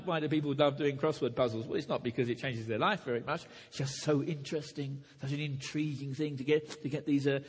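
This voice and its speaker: Husky-voiced preacher in an echoey hall. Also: male voice, a little high. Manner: earnest, with frequent restarts and rising emphatic peaks. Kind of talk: sermon to preachers.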